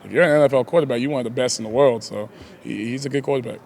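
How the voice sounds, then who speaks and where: A man's voice: medium pitch, racing, gravelly, a little mellow. A young man, a pro football player, answering press questions casually, laughing often and leaning on "like" and "you know".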